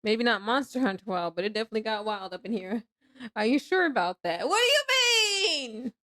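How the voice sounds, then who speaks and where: A woman's voice: mid-range voice, animated, quick pace. A young adult woman streaming live from her home computer, chatting casually with her viewers, laughing often and breaking into squeals when surprised. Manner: laughs a lot, squeals when startled, then drops to mumbling.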